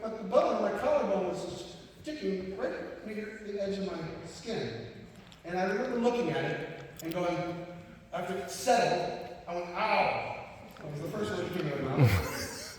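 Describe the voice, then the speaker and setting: A man giving a live motivational talk, telling stories in a lively way and laughing often. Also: high voice, slight background noise. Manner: storytelling, animated, laughs often. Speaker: motivational speaker. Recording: echoey hall from far off.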